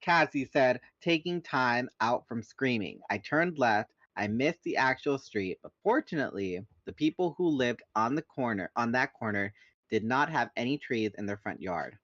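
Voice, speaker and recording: A man's voice: mid-range voice, expressive, normal speed, a bit bright, no echo. A man hosting a podcast, reading a novel aloud with joking asides, on a dull, lo-fi recording. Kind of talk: casual book read-along.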